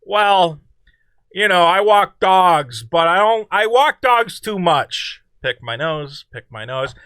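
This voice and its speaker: A man putting on a mocking impression of a rambling woman dog walker, halting and trailing off. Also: high-pitched, expressive, bright, forceful tone, clear, resonant tone, no echo, heavily acted.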